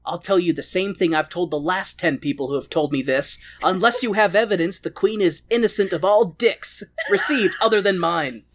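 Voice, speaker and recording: A podcaster voicing an exasperated middle-aged king who protests loudly and indignantly. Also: mid-range voice, normal speed, hardly any pauses, lightly acted.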